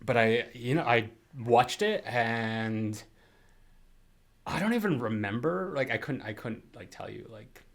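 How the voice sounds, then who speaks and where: A man's voice: mid-range voice, lively intonation, measured pace, vocal fry. A man co-hosting a podcast in casual chat, rambling with lots of fillers and frequent laughs. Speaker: podcast co-host.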